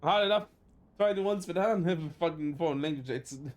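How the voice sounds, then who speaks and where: A man with a German accent reading game text aloud during a let's play, stumbling and correcting himself often. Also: a little high. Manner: halting reading with frequent self-corrections. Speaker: streamer.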